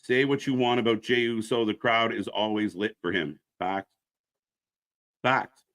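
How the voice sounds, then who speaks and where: Brash, bright-voiced wrestling stream host. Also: male voice, moderate pace. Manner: blunt, ranting, swears freely; pitches channel shows to viewers. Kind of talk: casual live-stream commentary.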